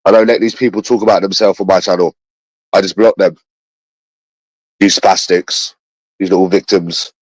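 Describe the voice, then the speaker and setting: A man with a London accent delivers a long, bitter livestream monologue to his chat. His voice sits low and sounds close and dry. He circles back over the same words and swears freely. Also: flat delivery, moderate pace, long pauses, no room sound, rough recording. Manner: bitter, repetitive, swears often.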